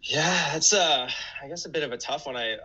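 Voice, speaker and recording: Man, co-host, earnest storyteller, bright tone, muffled lo-fi sound. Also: a little high, fairly quick, breathy edge. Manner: earnest, long-winded storytelling. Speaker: podcast co-host. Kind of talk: casual fan podcast chat.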